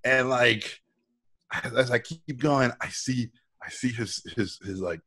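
A man's voice: medium pitch, takes it slowly, bright, forceful tone, breathy edge. A middle-aged man, a guest on a live video call, telling stories animatedly, acting out quoted voices and swearing freely. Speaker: guest speaker. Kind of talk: casual storytelling on a live video talk.

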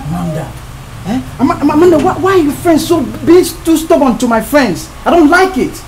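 A woman's voice: high voice, big pitch swings, brisk, darkish tone, a little hiss or hum. A pleading friend with a Nigerian Pidgin accent. Her raised voice rises and falls widely as she stammers and coaxes. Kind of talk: film drama acting.

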